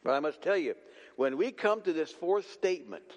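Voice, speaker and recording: Pastor, man, lively high voice, deliberate sermon delivery, long hall reverb. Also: lo-fi sound. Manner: dramatic, slowing for emphasis. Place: church sanctuary.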